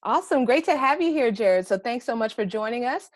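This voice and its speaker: A woman's voice: on the high side, lively intonation, a little fast, no echo, clean studio sound. A woman hosting a podcast panel in an upbeat, enthusiastic way, speaking over a video call. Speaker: panel host.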